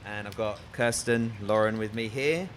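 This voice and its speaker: A man's voice: lowish voice, normal speed, slight background noise. A man with an Australian accent, moderating a panel in a chatty, joking way. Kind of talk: casual panel talk.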